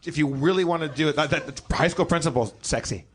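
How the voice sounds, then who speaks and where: A man guesting on a live comedy podcast, telling animated, profane anecdotes full of stumbling restarts. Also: fairly high pitch, quick pace, heavy background noise. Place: stage before a live audience.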